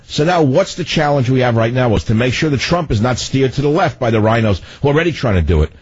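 An older man hosting political talk radio, ranting in a loud, commanding voice. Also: medium pitch, animated, quick pace, no room sound. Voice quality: husky. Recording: dull lo-fi radio broadcast.

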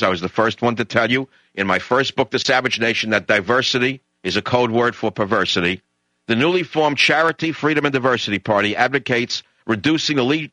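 A middle-aged man holds forth in an emphatic, indignant talk radio monologue, hammering his points home in long lists. His tone is bright and forceful, and the sound is close and dry, with no room around it. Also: mid-range voice, no echo, rough recording.

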